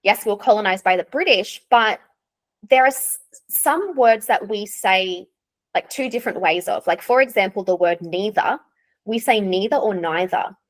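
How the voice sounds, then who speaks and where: A young Australian woman who teaches English chats candidly in a casual interview, laughing often. Her mid-range voice is animated and moves at a moderate pace.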